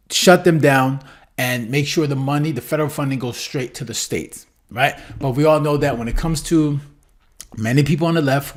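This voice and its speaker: A man hosting a political commentary video, talking in a casual, opinionated way and often checking in with "right?". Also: mid-range voice. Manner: opinionated, repetitive, says "right?" a lot.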